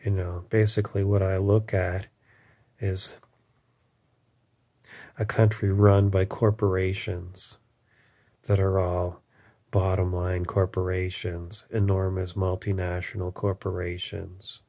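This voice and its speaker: Low gravelly man ranting. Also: completely flat delivery, takes it slowly, pauses often, a little mellow. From Canada. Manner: profane, rambling, full of "you know". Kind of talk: angry political rant.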